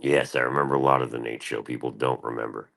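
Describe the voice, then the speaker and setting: Super deep voiced dude rambling on his livestream, swears a lot. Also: fairly even intonation, fast talker, gravelly, a bit bright. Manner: rambling, profane, answers chat. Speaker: livestream host. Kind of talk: casual livestream chat.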